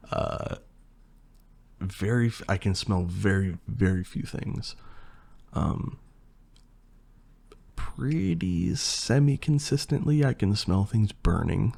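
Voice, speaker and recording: Gravelly, hoarse young man. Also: sits low. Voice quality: gravelly and husky. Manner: relaxed, rambling, with fillers and swearing. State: voice partly lost, hoarse. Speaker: ASMR creator answering questions. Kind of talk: casual Q&A chat.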